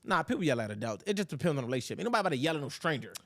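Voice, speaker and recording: Animated fast-talking man, close dry mic. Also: a little high, no room sound. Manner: animated, talks in bursts with loud quoted outbursts. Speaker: podcast co-host. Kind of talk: casual podcast chat.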